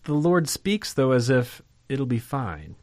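A man's voice: mid-range voice, big pitch swings, takes it slowly, no room sound. A man preaching a sermon in a conversational, emphatic way, often putting questions to his listeners. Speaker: pastor.

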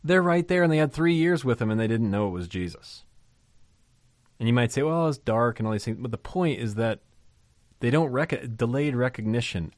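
A man preaching a sermon on a Bible passage, animated and emphatic, repeating key phrases for weight. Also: medium pitch, moderate pace, dry recording, clean studio sound. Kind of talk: sermon teaching on a Bible text.

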